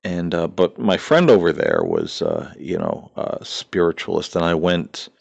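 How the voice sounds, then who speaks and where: A man with a very low voice hosts a spiritual talk show, speaking earnestly with a preacherly rhythm. He builds long repeated lists and fills pauses with "uh" and "you know." The sound is dry, with no room echo. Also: wildly swooping pitch, vocal fry. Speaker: host of a paranormal talk show.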